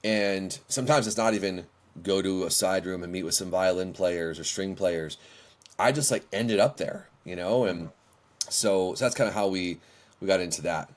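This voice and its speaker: A man's voice: low-pitched, normal speed. A middle-aged man, telling stories as a guest in a podcast interview and acting out his own past lines. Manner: animated, acts out his own past dialogue. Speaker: worship leader, guest.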